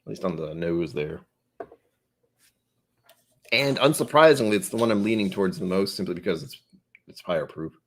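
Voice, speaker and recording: A man's voice: low-pitched, lively intonation, moderate pace, long pauses. A man hosting a casual whiskey tasting livestream, thinking aloud and correcting himself as he goes.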